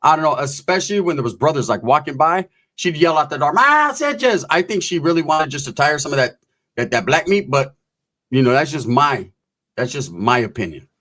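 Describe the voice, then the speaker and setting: Husky-voiced man telling a wild story. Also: a little high, a little fast. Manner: animated, swaggering, heavy slang and profanity. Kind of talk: profane comedic storytelling.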